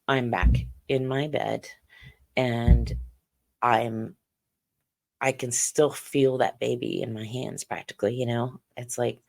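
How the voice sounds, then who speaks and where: A middle-aged woman telling her personal story as an interview guest, halting and earnest, with many "you know"s. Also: a bass voice, gravelly, a little mellow. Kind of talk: personal account in a podcast interview.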